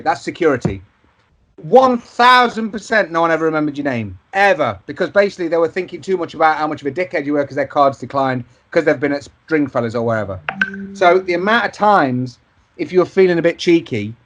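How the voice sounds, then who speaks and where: High-voiced man telling sweary stories. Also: fairly bright tone. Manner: sweary anecdotal storytelling. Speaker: podcast co-host. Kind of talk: casual chat.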